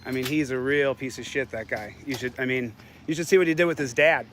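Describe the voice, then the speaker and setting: A man's voice: mid-range voice, quick pace, a bit bright, a little hiss or hum. A man filming himself as an independent journalist, confronting and insulting police in a public parking lot with a combative, taunting manner. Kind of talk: street confrontation.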